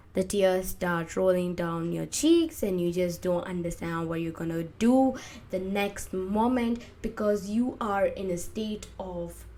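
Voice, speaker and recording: A young woman speaks alone on her podcast, unhurried and drawn-out. Her voice sits at a middle pitch and swells suddenly louder when she acts out what people think in pain. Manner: slow, emotive, acts out inner voices with big swings in loudness. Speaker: podcast host. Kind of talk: reflective podcast monologue.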